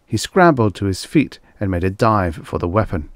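Male audiobook reader, low voice, very expressive pitch; classic sci-fi storytelling. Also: moderate pace, no room sound, studio quality. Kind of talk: scripted narration of vintage science fiction.

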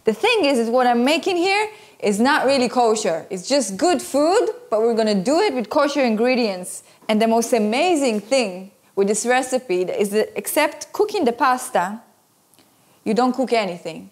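A woman hosting a cooking show, demonstrating a recipe in a playful, enthusiastic way and sprinkling in Italian words. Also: fairly high pitch.

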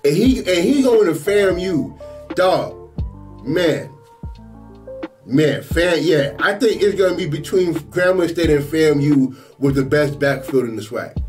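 A man's voice: fairly high pitch, unhurried. Hyped guy reacting to football clips, voice jumping all over, faint guitar music behind. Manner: excitable, exclaiming and slangy. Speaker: sports reaction host.

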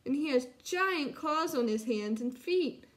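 Frightened young girl cub, wailing, high voice, as a woman reads her. storybook. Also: lively intonation, measured pace. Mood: alarmed. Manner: wailing, alarmed.

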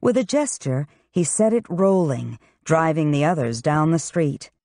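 A woman reading a fantasy novel aloud in steady, scripted narration. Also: deep voice, measured pace, no room sound, clean studio sound. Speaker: audiobook narrator.

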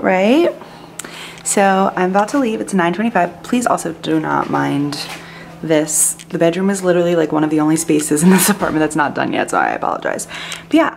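A young woman in her twenties chatting excitedly to her phone camera in a casual vlog. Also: lowish voice, creaky, slight background noise. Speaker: vlogger.

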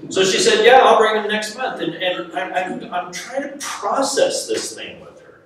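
A man preaching a sermon to a live audience, telling a personal story in an animated, self-mocking way and laughing often. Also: high voice, a little slow, a little hiss or hum. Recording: echoey hall, mic at a distance.

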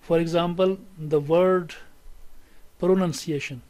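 A man with a Pakistani English accent teaching a recorded English lesson, slow and deliberate, repeating words for students to say along. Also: a little high, fairly even intonation, warm tone, rough recording. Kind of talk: recorded classroom lecture.

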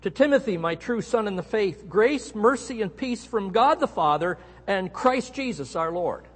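Husky preacher telling a story. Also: male voice, high voice, moderate pace. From Canada. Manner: storytelling, animated emphasis on key words. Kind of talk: sermon. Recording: echoey hall.

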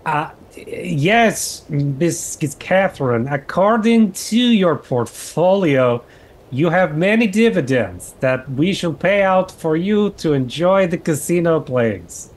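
A man's voice: fairly high pitch, animated, slow pace, pitched above the performer's own voice. A man putting on a stiff, formal butler voice. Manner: stiff, overly formal phrasing.

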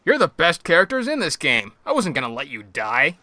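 A man's voice: fairly high pitch, wildly swooping pitch, a little fast, bright, forceful tone, dry recording. A man narrating in a chatty, joking way. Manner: chatty, jokey.

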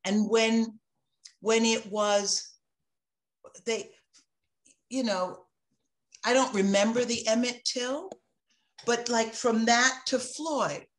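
A woman in her sixties, an author speaking in an interview, impassioned and reflective, moving between emphatic and hushed moments. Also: a little high, fairly even intonation, slow pace, pauses often. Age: 60s. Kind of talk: interview conversation.

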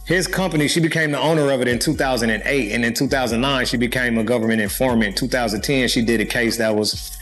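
A man recounting events in a laid-back podcast conversation, slipping into the voices of the people he quotes. His pitch sits in an ordinary middle range. Faint music runs underneath. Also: quick pace. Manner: relaxed storyteller who acts out quoted voices. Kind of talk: storytelling in casual podcast chat.

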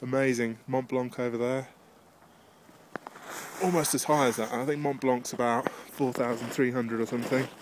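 A man's voice: mid-range voice, steady tone, moderate pace, background noise. Breathless man vlogging on a mountain. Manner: rambling, chatty, with many fillers. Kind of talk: casual handheld vlog narration. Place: outdoors on a high mountain ridge.

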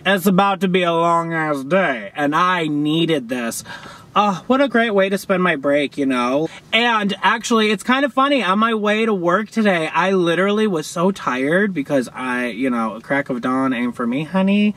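A young man reacting to a music video from his car, gushing and sassy, with loud outbursts and laughter. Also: on the high side, animated, moderate pace. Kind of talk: excited reaction commentary. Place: in a parked car outdoors.

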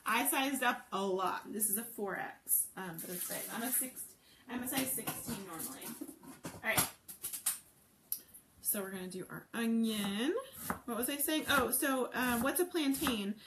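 A woman's voice: fairly high pitch, unhurried, noisy background. A woman hosting a live cooking stream, chatting with viewers and gushing over the food as she cooks. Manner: chatty, answers viewer comments while cooking. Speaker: cooking show host. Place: home kitchen.

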